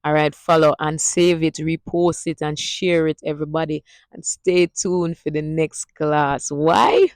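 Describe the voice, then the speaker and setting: A woman's voice: deep voice, flat delivery, a little slow, darkish tone, dry recording, studio quality. A woman with a Jamaican accent teaching phrases in a vlog lesson, drilling each phrase aloud and asking viewers to repeat after her. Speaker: language teacher.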